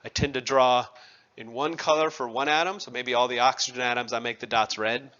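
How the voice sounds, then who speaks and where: Bright-voiced man teaching chemistry. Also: mid-range voice, steady tone, a little fast, muffled recording. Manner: conversational, asks students questions, self-deprecating asides. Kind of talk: classroom lecture.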